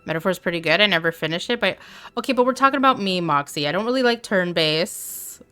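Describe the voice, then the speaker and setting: While playing a video game on a live stream, this woman chats with her audience, reads their messages out and makes playful side comments. Her voice is on the low side, expressive, fast, fairly bright and smooth, over faint background music.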